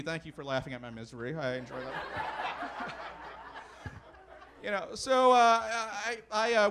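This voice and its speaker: A man's voice: high voice, pushed and bright, slight background noise. A young man doing a stand-up comedy set, rambling with plenty of fillers and restarts. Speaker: stand-up comic.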